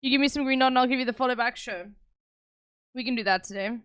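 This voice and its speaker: A woman's voice: sits high, fast, fairly bright tone, clean tone, no room sound. A young South African woman streaming live, chatting casually with her viewers in a blunt, sarcastic way and swearing often. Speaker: livestreamer.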